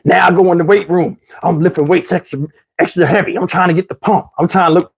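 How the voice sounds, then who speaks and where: A man doing stand-up storytelling, animated and addressing the audience. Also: high voice, fast talker, slightly rough. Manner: animated, talks to the audience, mimics voices. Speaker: comedian telling a story.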